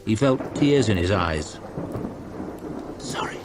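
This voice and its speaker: A man reading a novel aloud as storytime narration, expressive with soft low asides. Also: unhurried, over music. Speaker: audiobook reader. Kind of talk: storytime narration over gameplay.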